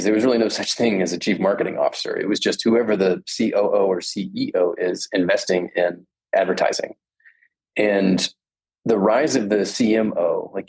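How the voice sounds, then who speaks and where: A man's voice: low-pitched, vocal fry, darkish tone, husky, low-quality recording. A man who is a management professor, speaking as a podcast guest and explaining research in a thoughtful, storytelling way. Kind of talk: conversational explanation.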